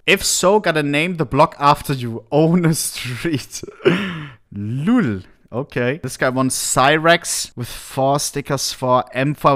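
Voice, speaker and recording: Slightly high-voiced male streamer. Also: a bit bright. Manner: reads trade messages aloud, laughs, shrugs them off. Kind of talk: casual livestream commentary.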